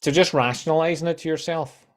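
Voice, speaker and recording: A man, a guest on a podcast, telling animated stories and acting out quoted voices, with casual swearing. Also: a little high, fast talker. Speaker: guest, content coach.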